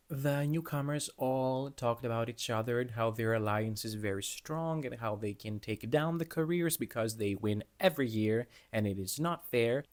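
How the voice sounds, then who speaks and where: Chatty man giving a casual book talk. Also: medium pitch. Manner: chatty and animated, laughs often, chatty tangents. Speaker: book reviewer.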